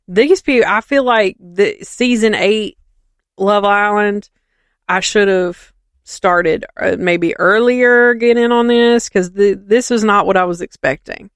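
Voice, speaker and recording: Animated gossipy woman podcaster. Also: medium pitch, a little slow, clear, resonant tone, dry recording. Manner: animated gossipy storytelling, acts out quotes. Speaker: podcast co-host. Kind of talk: casual chat.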